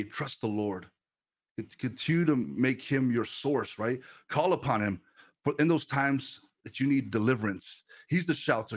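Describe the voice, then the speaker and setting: A young man preaches on a livestream in a middle-pitched voice. He tells a personal story earnestly, stumbling and restarting his phrases as he goes, then presses his point home to his listeners. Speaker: pastor. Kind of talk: livestreamed sermon.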